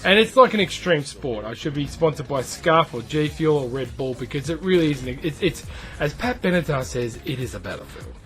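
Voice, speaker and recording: A man's voice: a little high, lively intonation, normal speed, faint music behind. A man with an Australian accent, a gaming YouTuber telling a rambling, self-deprecating story over gameplay.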